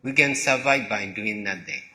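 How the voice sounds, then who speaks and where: A man whose first language is Burmese, giving a slow dharma talk in short, halting phrases, often repeating words. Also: on the low side, sharp tone. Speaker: monk teacher. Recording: long hall reverb.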